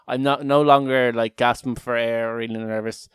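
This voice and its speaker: A man's voice: medium pitch, steady tone, moderate pace, a bit bright, clean tone, dry recording. A man co-hosting a podcast in casual, rambling chat, joking and laughing between lines. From Ireland. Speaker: podcast co-host.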